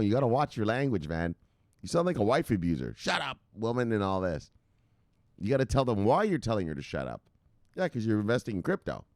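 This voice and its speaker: A man hosting a crypto channel livestream, reading viewer comments in an excitable, profane, joking way with shouted catchphrases. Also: on the low side, no room sound, clean studio sound.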